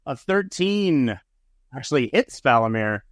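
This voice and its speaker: A man's voice: medium pitch, sing-song, measured pace, no room sound, clean studio sound. A man running a tabletop game for a podcast, laid-back and chuckling, with lots of fillers and restarts. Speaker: game master.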